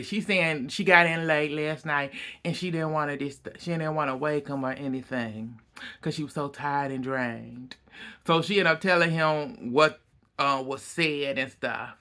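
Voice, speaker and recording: A man's voice: on the high side, normal speed, sharp tone. A man giving a blunt, profane, exasperated casual recap of a reality TV episode.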